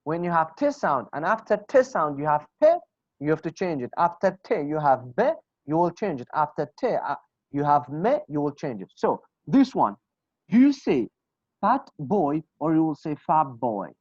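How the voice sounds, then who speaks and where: A man's voice: on the high side, sing-song, moderate pace, darkish tone, dry recording. A man with a Kurdish accent teaching English pronunciation in an online class, patiently repeating example phrases. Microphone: video call. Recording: dull, dry video call audio.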